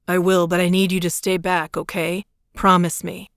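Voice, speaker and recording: A woman's voice: fairly low pitch, flat delivery, normal speed, smooth, no room sound, studio quality, lightly acted. A woman reading a firm, protective young man. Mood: soothing. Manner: firm and soothing. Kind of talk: audiobook character reading.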